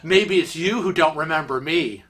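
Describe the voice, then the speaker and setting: A man's voice: on the high side, moderate pace, fairly bright tone, breathy edge. A man voicing another man in a dry, matter-of-fact way. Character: unruffled man setting the record straight.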